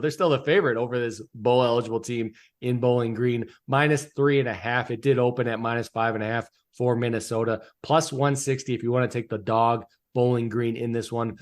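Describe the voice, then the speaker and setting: A man with a mid-range voice co-hosts a casual sports podcast. He is chatty and teasing, often laughing as he talks. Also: medium pitch. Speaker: podcast co-host. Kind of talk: casual sports betting chat.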